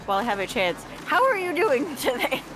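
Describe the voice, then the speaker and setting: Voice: sits high, big pitch swings, a little fast. A co-player chatting casually during a game, teasing and joking. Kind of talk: casual chat while gaming.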